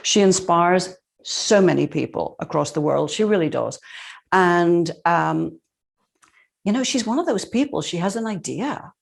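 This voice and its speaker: A woman's voice: on the low side, animated, measured pace, vocal fry. A woman hosting an online motivational talk, introducing her guest with effusive, exclamatory praise. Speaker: host. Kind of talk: enthusiastic video call interview intro.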